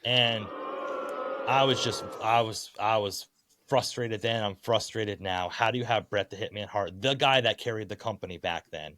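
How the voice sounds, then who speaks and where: A man's voice: on the low side, moderate pace, noisy background. A man co-hosting a podcast, ranting in casual chat, frustrated and opinionated. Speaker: podcast co-host.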